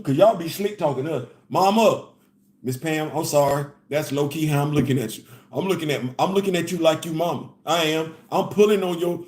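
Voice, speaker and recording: An animated man with hosts a casual commentary, his voice sitting a little high for a man. He keeps circling back to the same phrases and breaks into laughs. The sound rings in a roomy, echoey space. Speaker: host. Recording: echoey room.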